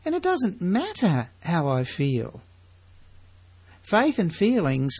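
Guy preaching a sermon, slightly high voice, slow and emphatic, keeps asking the congregation questions. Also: wildly swooping pitch, a little mellow, husky.

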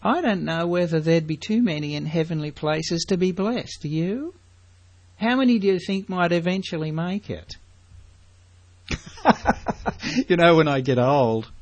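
A man's voice: a little high, normal speed. A man preaching a sermon, emphatic and full of rhetorical questions to his congregation.

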